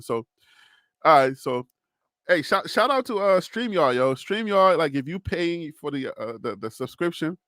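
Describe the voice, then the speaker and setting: Reacting to viewer comments on his live college sports stream, this Liberian-accented host chats animatedly, laughing frequently and talking to himself. The pitch is fairly high and the tone fairly bright, recorded dry at studio quality.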